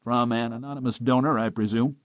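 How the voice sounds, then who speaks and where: A man doing a calm, wry lawyer. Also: medium pitch, brisk, dry recording, lo-fi sound, voice pushed up, close to an everyday voice. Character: calm, dry-witted male lawyer.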